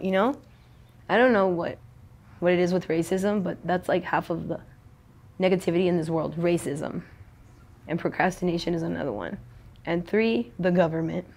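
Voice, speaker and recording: A woman's voice: on the low side, a little mellow. A young adult woman in a casual street interview, talking in a rambling, slangy, profane way.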